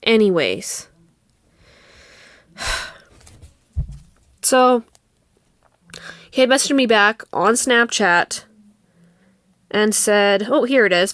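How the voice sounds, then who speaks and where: A woman's voice: a little high, animated, slow pace, pauses often, no echo. A young adult woman hosting a podcast, retelling a personal drama in a heated, profane, indignant way. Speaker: podcast host. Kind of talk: casual storytelling monologue.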